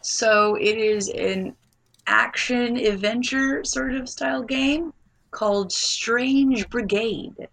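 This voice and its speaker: A woman co-hosting a casual gaming podcast, playful and drawn-out, with many filler words. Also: fairly high pitch, gravelly, fairly bright tone. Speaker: podcast co-host.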